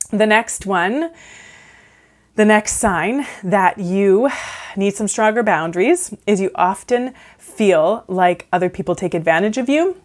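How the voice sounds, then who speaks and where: Low-voiced woman giving casual counselling advice. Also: a little mellow. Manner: conversational, frequent "like" and "right?". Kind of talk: casual advice talk to camera.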